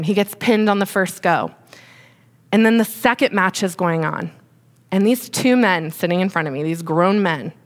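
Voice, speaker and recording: Candid mother giving a parenting talk. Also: medium pitch. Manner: candid, conversational, many fillers; emotional, fighting back tears. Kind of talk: personal talk to an audience.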